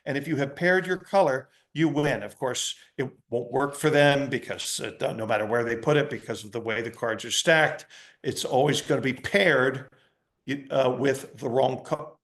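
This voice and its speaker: A man's voice: medium pitch, moderate pace, a bit bright. A middle-aged man, a magician, casually teaching a card trick, chatty and explaining step by step as he demonstrates and acts out his patter.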